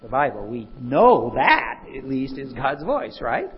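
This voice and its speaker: A man preaching a sermon, animated and full of rhetorical questions. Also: mid-range voice, unhurried, breathy edge, muffled recording.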